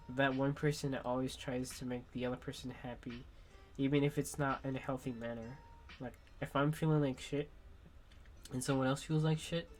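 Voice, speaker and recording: A young man, sick at the moment, talking frankly and haltingly in a personal vlog monologue as a streamer. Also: medium pitch, a little mellow.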